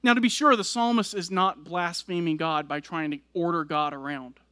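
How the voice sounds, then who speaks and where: A man's voice: a little high, steady tone, normal speed, pushed and bright, no room sound. A man preaching a sermon, explaining scripture verse by verse and building emphasis as he goes. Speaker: pastor.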